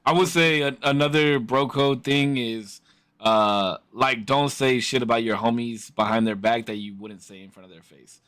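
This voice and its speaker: A young man giving his opinions on a podcast in slangy, casual talk. His voice is bright and sharp-edged at a middle pitch. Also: moderate pace. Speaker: podcast co-host. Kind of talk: casual chat.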